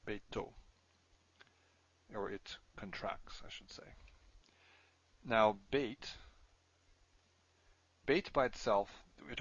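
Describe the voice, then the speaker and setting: A man with a somewhat low voice walks through a recorded language lesson, explaining each point and pausing to correct himself. The sound is a little muffled and lo-fi, as from a desk mic. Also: no echo. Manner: explanatory, self-correcting, thinking aloud with fillers. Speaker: Hebrew teacher.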